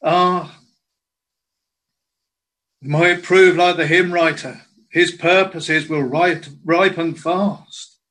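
Slow, earnest male preacher. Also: fairly high pitch, fairly even intonation, a bit bright, rough recording. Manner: slow, earnest preaching with old biblical phrasing. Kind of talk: sermon.

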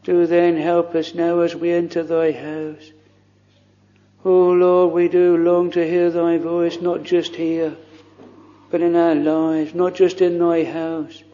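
A man's voice: fairly high pitch, completely flat delivery, slow pace, warm tone. A man leading an earnest, pleading prayer from the pulpit in old-fashioned formal language, recorded in a church. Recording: dull lo-fi recording in a reverberant hall.

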